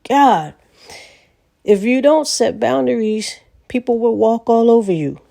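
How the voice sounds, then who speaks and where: A woman's voice: on the high side, expressive, measured pace, vocal fry, mellow. A woman vlogger telling stories in a casual monologue, blunt and profane, laughing often.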